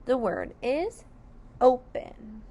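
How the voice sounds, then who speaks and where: A woman teaching phonics to young children, sounding out each word slowly and clearly, syllable by syllable. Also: fairly high pitch, huge pitch swings, mellow. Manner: slow and over-enunciated, sounding out syllables. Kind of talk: slow, deliberate phonics lesson for children.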